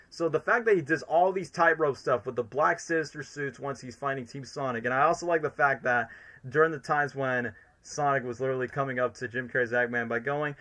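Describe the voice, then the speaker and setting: An enthusiastic male streamer giving casual fan commentary in a bright voice. He rambles along, leaning heavily on filler words. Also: mid-range voice, a little fast. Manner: enthusiastic, rambling, fills every sentence with "literally" and "like".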